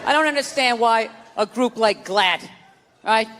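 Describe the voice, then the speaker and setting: A man doing stand-up comedy, ranting loudly with lots of swearing and mock voices. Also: very high-pitched, a little slow. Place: theater stage with live audience. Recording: live audience laughter and stage noise.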